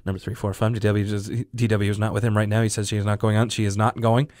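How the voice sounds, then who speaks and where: A man voicing a flustered cartoon lab-coat man who mutters a report into a phone under his breath, low and quiet. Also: little pitch movement, fast talker, dry recording, clean studio sound, natural voice.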